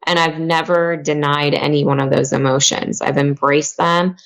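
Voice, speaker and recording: Low-voiced reflective woman guest. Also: little pitch movement, normal speed. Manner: soft, open and reflective. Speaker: podcast guest, mindfulness coach. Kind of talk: emotional podcast interview.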